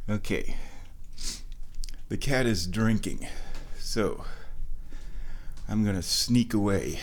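A man hosting a casual vlog, talking slowly and playfully, now and then slipping into high baby talk, a bit stuffy from sinus trouble. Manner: slow, drawling and playful, with high baby talk to his cat. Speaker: vlog host.

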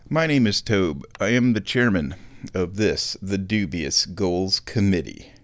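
A man's voice: medium pitch, no echo. A young man hosting a casual solo show, rambling and correcting himself with chuckling asides while he watches football. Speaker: show host, committee chairman.

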